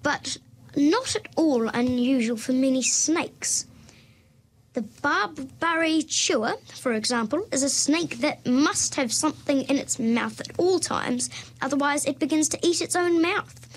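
A woman reading aloud from a children's novel, voicing a cheerful, hearty man who is chatty and booming. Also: lively intonation, a little slow, low-quality recording. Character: jolly, hearty middle-aged man who loves snakes.

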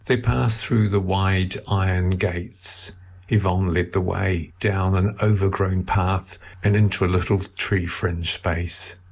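Male narrator, audiobook novel, measured, slow, husky. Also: low-pitched.

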